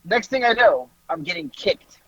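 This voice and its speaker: A fairly high-voiced man tells a wild night-out story on a podcast, swearing and laughing as he goes. His voice is husky and swings widely in pitch. The recording is dry and slightly dull, like a lo-fi podcast mic. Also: moderate pace, no room sound. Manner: animated, laughing, swearing freely. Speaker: podcast host. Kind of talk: casual storytelling.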